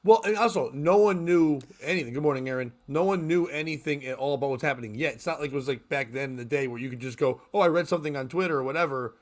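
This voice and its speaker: A man's voice: mid-range voice, fast talker, few pauses. A man hosting a live morning talk stream, chatting loosely and laughing as he jokes. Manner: loose and joking, often laughing. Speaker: podcast host. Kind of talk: casual live-stream chat.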